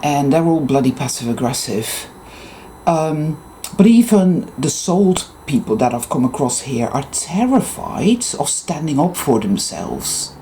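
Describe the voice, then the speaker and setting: A man with an English accent, ranting in a casual vlog monologue and telling profane, animated stories. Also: fairly high pitch, a little slow, a little hiss or hum. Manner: mimics other people's voices. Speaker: vlogger.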